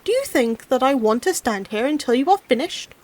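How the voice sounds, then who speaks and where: A stubborn, hot-tempered old peasant scolds and grumbles, voiced by a woman reading a storybook. The voice sits somewhat high and swings up and down with lively pitch. His indignant scolding carries the lines. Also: normal speed.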